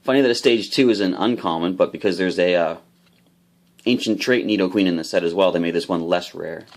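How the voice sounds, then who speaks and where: A man casually opening trading card packs, explaining each card's rules with bursts of excitement. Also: low voice, a little fast. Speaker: card unboxing host. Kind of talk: casual unboxing commentary.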